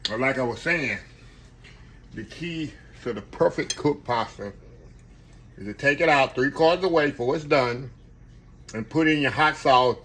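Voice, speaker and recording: In his kitchen, an older home-cooking host talks to his audience in a relaxed, folksy way, addressing them as "y'all." He speaks in a mid-range, slightly bright voice at a measured pace with frequent pauses, and there's a faint hiss or hum.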